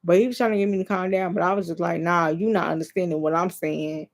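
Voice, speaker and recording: Young woman, vlogger, low-ish voice, rambling, emphatic, casual story time. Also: fairly even intonation, fast talker.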